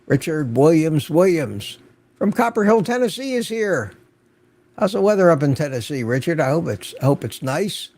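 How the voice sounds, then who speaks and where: Older man, livestream host, gravelly, slightly high voice, chatty, greets viewers by name. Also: big pitch swings, moderate pace, darkish tone. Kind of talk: unscripted livestream chat.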